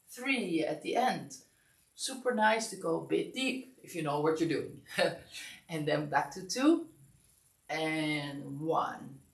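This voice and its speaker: Woman massage teacher, sleepy, lively sing-song counting, gravelly low voice, roomy distant sound. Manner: calm step-by-step guidance, counting aloud. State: sleepy, yawning. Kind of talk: instructional class demonstration. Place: massage studio.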